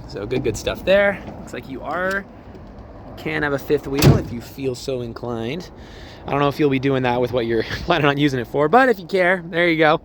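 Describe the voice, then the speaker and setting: A man working as a car salesman, giving a casual, upbeat walkthrough of a truck while laughing often. His voice is a bit hoarse, and he is recording outdoors on a cold car lot. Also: medium pitch, normal speed, background noise.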